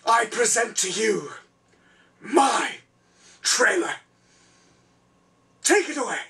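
A man hosting a comedic talk show in a theatrical, flustered, self-important manner, often shouting. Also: high voice, big pitch swings, takes it slowly, far from the mic. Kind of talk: over-the-top comedic hosting.

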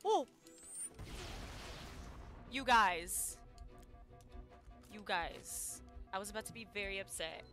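A young woman streaming gameplay, talking to her viewers in an excitable, giggly way with frequent gasps and exclamations. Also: medium pitch, slow pace, long pauses, faint music behind. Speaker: gaming streamer. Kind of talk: live gameplay commentary.

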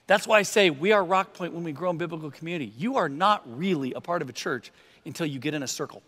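A middle-aged male pastor preaching a sermon with animated rhetorical questions. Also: sits high. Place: church sanctuary. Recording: reverberant church hall.

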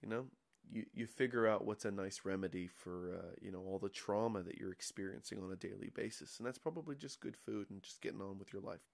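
A man guesting on a podcast in casual chat, rambling into absurd jokes with a deadpan delivery. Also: on the low side, brisk, gravelly, few pauses.

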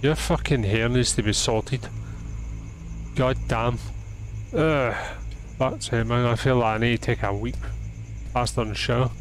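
A man's voice: medium pitch, fairly even intonation, measured pace, long pauses, a little hiss or hum. A young man giving profane, exasperated commentary while playing a video game. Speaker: gaming channel host. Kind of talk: let's play commentary.

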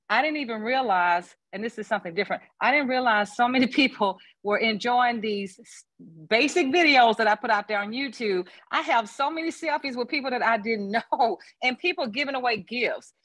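A woman's voice: on the high side, normal speed, a bit bright, no room sound. A woman chatting casually on a video call as a panel guest, gushing and rambling with frequent laughs. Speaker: sales consultant on a panel.

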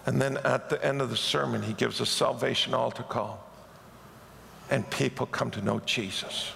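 Pastor type, male, very gravelly voice, lively storyteller; recorded in a long-reverb church hall. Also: mid-range voice, moderate pace, slight background noise. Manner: animated storyteller who acts out the people in his stories. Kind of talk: sermon storytelling. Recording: echoey hall.

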